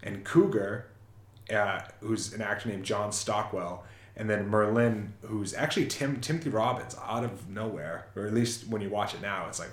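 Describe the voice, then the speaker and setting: A man's voice: lowish voice, normal speed, reverberant. A man casually retelling a film's plot in a rambling, self-correcting way on a chat show. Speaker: podcast co-host. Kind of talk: casual movie recap chat.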